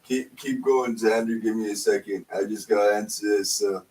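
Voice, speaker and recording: A man's voice: lowish voice, fairly even intonation, normal speed, a little mellow, recorded from a distance, low-quality recording. A man hosting a live podcast stream, laid-back and agreeable with casual profanity. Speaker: podcast host.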